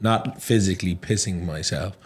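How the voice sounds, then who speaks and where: Irish man, low voice, young adult, casual podcast chat, animated storytelling. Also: moderate pace. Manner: animated storytelling, slips into mimicked accents. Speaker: podcast host.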